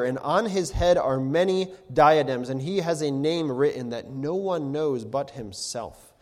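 A man in his thirties delivers a sermon in a mid-range voice. He reads scripture with dramatic swells, building to loud, ringing exclamations before dropping back to a quiet, intimate tone. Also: medium pitch. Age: 30s. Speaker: preacher.

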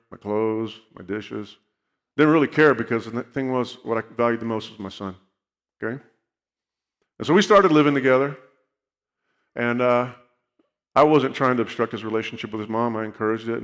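A man's voice: mid-range voice, a bit bright. Earnest man telling his story in a hall. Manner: earnest storytelling, checks in with "okay?". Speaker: speaker giving a personal testimony. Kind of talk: sermon testimony.

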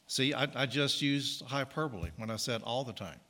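A man's voice: medium pitch, expressive, normal speed, pushed and bright, long reverb tail. A man preaching a conversational sermon, correcting himself and adding jokey asides. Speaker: pastor.

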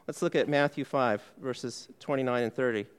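A man's voice: mid-range voice, moderate pace, clean tone. A male pastor giving a sermon in a conversational way, posing questions to the congregation and answering them himself, with frequent "okay"s. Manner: frequent "okay" fillers and restarts.

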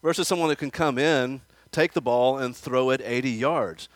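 In church, a man delivers a conversational expository sermon, sometimes putting questions to the children and the congregation, and acting out quoted voices with rising emphasis. His voice is middle-pitched and moderately paced, and the recording is dry and close with no room sound.

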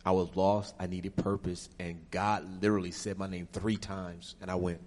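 A man with a lowish voice tells his personal testimony with emotion and animation, building to high, urgent peaks. His words carry a long reverb, as if he is speaking in a big church hall. He is a guest answering audience questions. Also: little pitch movement, moderate pace, darkish tone.

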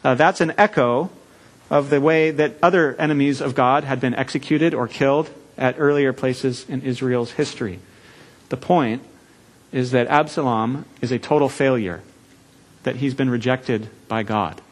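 A man preaching in a church, earnest and deliberate, letting his phrases land with measured pauses. His voice sits at an ordinary middle pitch for a man. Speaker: pastor. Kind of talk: sermon.

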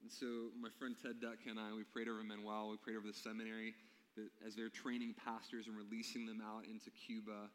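A man's voice: lowish voice, completely flat delivery, quick pace. A man preaching a sermon, telling stories and asking his listeners questions. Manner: storytelling, asks the congregation questions. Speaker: pastor. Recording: long hall reverb.

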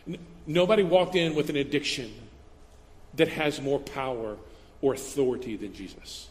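A man's voice: medium pitch, moderate pace, long reverb tail, a little hiss or hum. A man preaching a sermon as a pastor, in a casual, conversational way, acting out little quoted voices as he goes.

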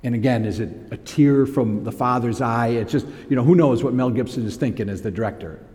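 A man preaching a sermon, growing loud and high-pitched when he reads scripture aloud. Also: fairly quick, big-room sound.

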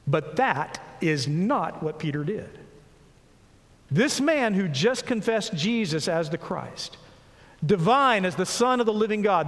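A man's voice: sits high, a bit bright. A man preaching a sermon as pastor, acting out the quoted voices with expression. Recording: long hall reverb.

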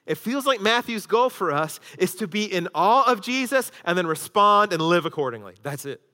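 A man preaching a sermon as pastor, swinging between loud emphasis and hushed intensity. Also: high voice, very animated, moderate pace. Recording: long hall reverb.

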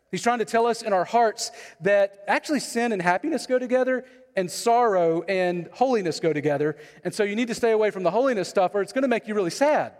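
A man preaching a sermon as pastor, conversational, often asking the congregation questions. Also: high voice. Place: church sanctuary. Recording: long hall reverb.

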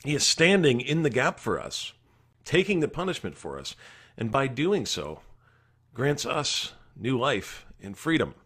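A man preaching a devotional sermon as a pastor, earnest and emphatic, rising to loud declarations and dropping to hushed, soft passages. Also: medium pitch, big pitch swings, measured pace, breathy edge. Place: recorded during quarantine.

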